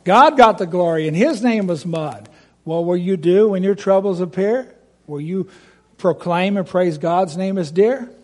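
A man's voice: sits high, a little slow, a little mellow. A man reciting a rhymed Bible story expressively, asking listeners direct questions.

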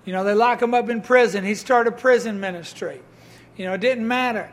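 A man with a strikingly high voice preaching a sermon. He tells stories, quotes voices, and reads scripture aloud. His delivery builds into emphatic, raised bursts. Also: a little fast.

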